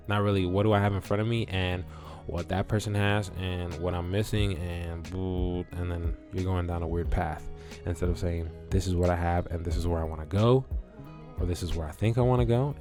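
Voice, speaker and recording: A man vlogging in a loose, casual way, swearing and acting out his own reactions as he tells a story. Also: deep voice. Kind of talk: casual talk to camera.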